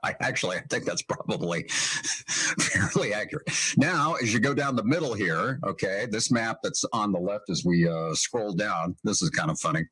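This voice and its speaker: A man's voice: lowish voice, expressive, normal speed, fairly bright tone, husky, dry recording, poor audio. A man from Northeast Indiana hosting a casual chat, chuckling often as he rambles through a set of maps. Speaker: show host.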